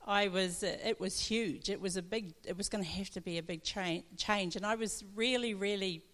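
A woman's voice: medium pitch, normal speed, fairly bright tone. Kiwi lady pastor telling her testimony, chatty and laughing a lot, long echo off a church hall. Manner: chatty storytelling, laughs often.

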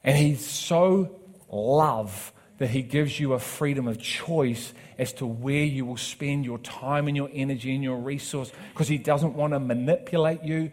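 A male preacher tells a personal testimony in a sermon. He swings from quiet, close narration to loud, emphatic declarations, acting out the voices of the people in his story. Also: mid-range voice, measured pace. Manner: animated storytelling with acted quotes, rising to loud emphatic preaching.

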